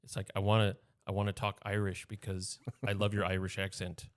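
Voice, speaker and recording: A man co-hosting a podcast in casual chat, tossing out quick questions and short reactions. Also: deep voice, monotone, no room sound. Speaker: podcast co-host.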